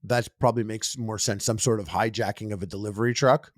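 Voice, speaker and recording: A man's voice: fairly low pitch, fairly even intonation, quick pace, no echo, clean studio sound. A man co-hosting a food podcast in casual, jokey banter. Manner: jokey, puts on mock British voices. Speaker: podcast co-host.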